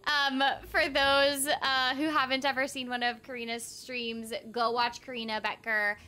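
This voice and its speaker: A woman's voice: sits high, little pitch movement, bright, forceful tone, smooth. A young woman streaming a game, chatting casually with a bubbly, giggly manner. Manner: bubbly, giggly, quick to laugh. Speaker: streamer and voice actor. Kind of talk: casual live-stream chat while gaming. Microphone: home streaming mic.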